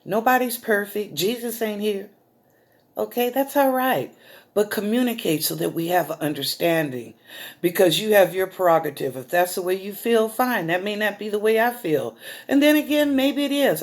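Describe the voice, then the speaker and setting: A woman's voice: medium pitch, moderate pace. Folksy, tearful middle-aged woman. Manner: folksy, emotional, addresses viewers as y'all. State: tearful, choked up. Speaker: psychic show host. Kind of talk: talk show monologue to viewers.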